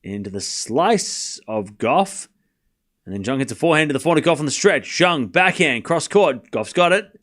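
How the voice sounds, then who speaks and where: A man hosting a live tennis watchalong stream, calling each shot in quick bursts with chatty asides between points. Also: a little high, lively intonation, fairly bright tone. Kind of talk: live play-by-play tennis commentary.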